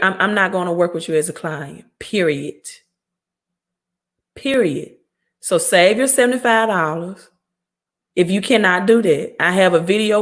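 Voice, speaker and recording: A woman from Mississippi with a Southern accent, hosting a credit repair livestream and answering viewer comments in a blunt, no-nonsense way. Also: on the low side. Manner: blunt, scolding, talks straight to viewers. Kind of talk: casual livestream talk reading viewer comments.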